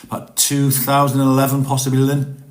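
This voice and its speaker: A man's voice: medium pitch, monotone, fairly quick, echoey room. A middle-aged man, chatting candidly and rambling a bit as he hosts a live stream and reads out viewer messages. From northeast England. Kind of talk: casual live-stream chat.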